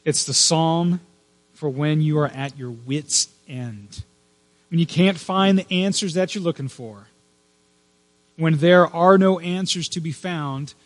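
A man delivers a sermon with earnest emphasis, his voice sitting a little high. He often drops to a near hush on key words. A faint electrical hum runs under the recording. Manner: earnest, emphatic with hushed pauses. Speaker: pastor.

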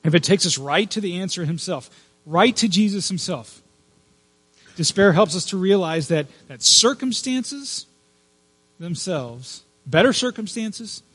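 A man delivers a sermon with earnest emphasis, his voice sitting a little high. He often drops to a near hush on key words. A faint electrical hum runs under the recording. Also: breathy edge. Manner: earnest, emphatic with hushed pauses. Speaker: pastor.

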